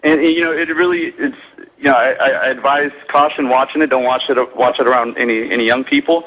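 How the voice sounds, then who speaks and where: A man's voice: mid-range voice, steady tone, fairly quick, fairly bright tone. A man from South Texas, calling in as a local activist and telling an earnest story, sometimes acting out other people's voices. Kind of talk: phone-in account. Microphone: phone. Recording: dull lo-fi phone line.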